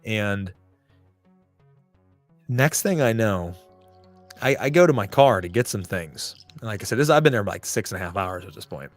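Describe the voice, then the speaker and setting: A man's voice: fairly low pitch, expressive, moderate pace, pauses often, soft background music. A man hosting a podcast, telling a story in casual, profane talk and acting out the people he quotes in raised voices. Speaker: podcast host.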